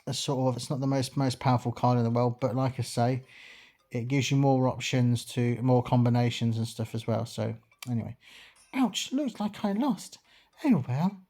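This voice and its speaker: A man's voice: medium pitch, little pitch movement, fairly quick, mellow. A man hosting a let's play, talking through his moves in a rambling, chatty way with many fillers. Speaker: gaming channel host.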